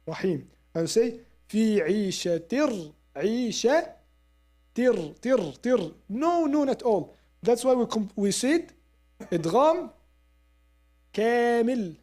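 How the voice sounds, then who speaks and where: A woman's voice: medium pitch, dark tone. Woman teaching Quran recitation. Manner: models recitation sounds and repeats them slowly; explains step by step, asks listeners to agree. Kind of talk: classroom lesson.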